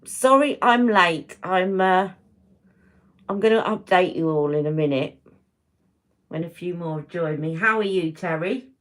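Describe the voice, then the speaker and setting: A woman hosting a casual beauty livestream, chatting warmly and greeting viewers by name as she talks. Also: fairly low pitch, a little slow, long pauses. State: emotional, close to tears.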